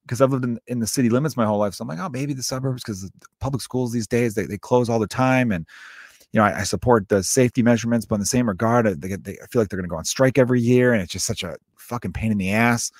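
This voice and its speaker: Recorded cleanly in a studio with no room sound, a podcast host in his thirties talks fast at a medium pitch. He tells casual stories in a meandering, profane way, often stopping partway through a sentence.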